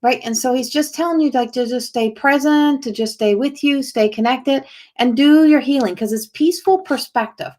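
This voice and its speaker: A woman with a slightly high voice gives a spontaneous oracle card reading as a psychic medium. She rambles and restarts her sentences, full of "like", as she relays what a spirit tells her. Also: moderate pace, darkish tone.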